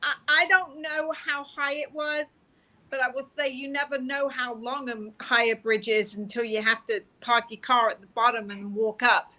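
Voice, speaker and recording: A woman's voice: a little high, steady tone, normal speed, sharp tone. A middle-aged woman from England, a police officer, chatting and laughing as she tells her stories in an interview. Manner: chatty, self-deprecating, laughs while telling stories. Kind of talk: casual interview storytelling.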